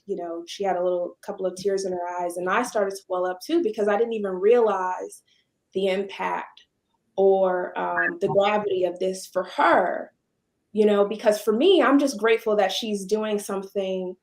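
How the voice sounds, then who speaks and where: A woman guest entrepreneur chatting casually on a video call, telling stories and lively when she quotes others. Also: mid-range voice, unhurried, reverberant. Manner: storytelling, animated when quoting others. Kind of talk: casual panel conversation. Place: home, virtual video call. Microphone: video call microphone.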